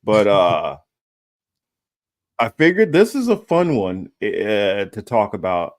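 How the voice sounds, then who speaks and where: A man's voice: lowish voice, big pitch swings, measured pace, no echo, studio quality. A man hosting a podcast, talking casually and hesitantly with many fillers. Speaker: podcast host.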